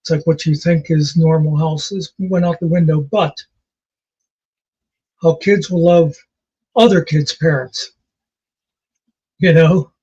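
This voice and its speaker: Husky higher-voiced guy rambling thru stories, kinda dull lo-fi sound. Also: steady tone, slow, long pauses, a little mellow. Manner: rambling, anecdotal, with many fillers. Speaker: podcast co-host. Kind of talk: casual chat.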